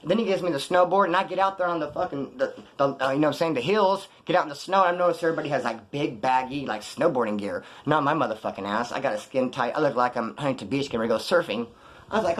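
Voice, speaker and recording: Fast-talking, profane man telling a story. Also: mid-range voice. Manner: profane slangy street talk, animated retelling. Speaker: vlogger telling prison and post-release stories. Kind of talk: casual storytelling monologue.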